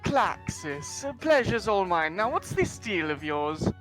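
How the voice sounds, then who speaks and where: A man's voice: sits high, sing-song, unhurried, a bit bright, faint music behind, exaggerated voice. A man voicing a sly, polite male drow thief who talks sweetly and courteously.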